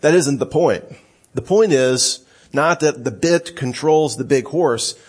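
A male pastor preaching a sermon, reading scripture aloud and telling stories in an animated way. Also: mid-range voice, unhurried. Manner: animated storytelling, quoting scripture.

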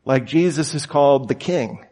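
A man's voice: mid-range voice, moderate pace, dark tone. A man in his thirties giving a conversational sermon, telling stories in a casual way and acting out the voices he quotes. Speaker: preacher.

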